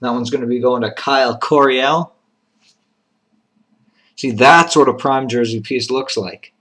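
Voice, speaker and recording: Unhurried and methodical, a man with a middle-pitched, slightly bright voice gives live commentary on a card box opening. He reads out each card pulled along with its serial number, tossing in a short appreciative comment when something nice appears.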